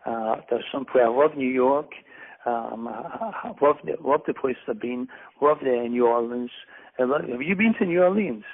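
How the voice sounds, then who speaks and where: A man's voice: mid-range voice, moderate pace. A middle-aged Scottish man, a guest author, chatting in a rambling, self-deprecating way with many restarts. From Scotland. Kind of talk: casual interview chat. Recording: phone-like narrow audio.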